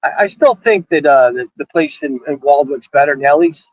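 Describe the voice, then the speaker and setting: A man's voice: fairly high pitch, animated, dry recording, lo-fi sound. A man co-hosting a casual talk show, swearing and stumbling over his words as he tells a story. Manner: profane, halting, repeats his words. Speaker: podcast co-host. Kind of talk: casual banter.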